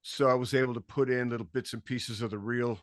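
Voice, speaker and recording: A man telling a story as a podcast guest in casual chat, animated, acting out quotes and swearing freely. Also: medium pitch, a little fast, no echo, studio quality. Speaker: podcast guest, bass tech.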